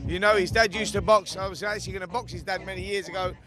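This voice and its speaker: A man's voice: sits high, fairly even intonation, fast talker. A man giving casual boxing commentary in a studio, chatty and rambling with plenty of fillers. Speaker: boxing pundit.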